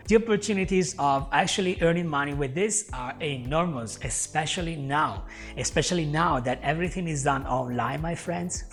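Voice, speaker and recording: An English teacher who is not a native speaker, giving job tips to camera in an upbeat way and often calling the viewer "my friend". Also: male voice, fairly high pitch, animated, normal speed. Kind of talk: talking to camera, tips video. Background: faint music.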